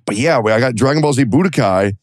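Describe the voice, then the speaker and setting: A young adult man co-hosting a podcast, telling stories in a casual, animated and profane way. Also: medium pitch, fast, no room sound, clean studio sound. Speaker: podcast co-host. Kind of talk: casual chat.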